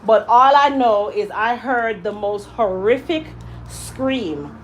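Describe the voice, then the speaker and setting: Casting: young adult woman hairstylist, fairly high voice, lively storyteller, faint noise behind. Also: slow pace, rough recording. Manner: animated, acts out quoted voices. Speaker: hairstylist and salon owner. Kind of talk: emotional personal storytelling.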